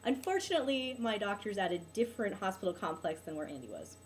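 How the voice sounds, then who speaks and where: A woman's voice: mid-range voice, very animated, fast. A young woman, venting about a bad weekend in a casual vlog, peppered with "like" and "um". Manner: exasperated, venting, frequent "like" and "um". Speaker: vlogger.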